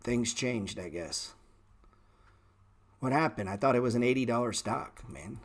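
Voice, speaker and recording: A middle-aged man hosting a stock trading livestream, talking bluntly and sarcastically with swearing, and jumping into animated, louder rants. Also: a little slow. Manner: animated rants that jump in pitch and volume. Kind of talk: casual livestream chat.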